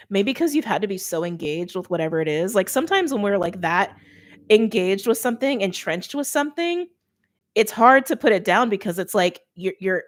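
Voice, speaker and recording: A woman giving a casual tarot reading straight to her viewers, chatty and informal, with quick laughs and lots of "like". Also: mid-range voice. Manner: talks straight to viewers by sign. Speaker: tarot reader.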